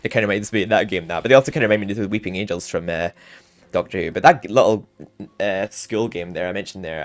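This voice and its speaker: A man commenting casually while playing through a video game, rambling and chatty. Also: low-pitched. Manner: rambling, chatty, often laughing. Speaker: gaming channel host. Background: game music.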